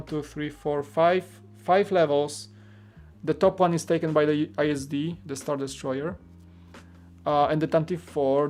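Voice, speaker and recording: A man's voice: fairly high pitch, a little mellow. A man hosting a live building stream, chatting casually in a rambling way with lots of filler words and greeting viewers' comments. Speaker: live-stream host building a toy set.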